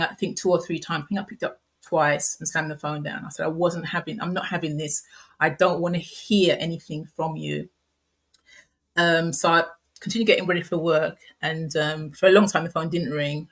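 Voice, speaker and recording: A middle-aged woman with a low voice tells a painful personal story in an interview. She talks softly and haltingly, often pausing and restarting her sentences. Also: creaky. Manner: soft, halting, frequent restarts and fillers. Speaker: guest sharing a personal story.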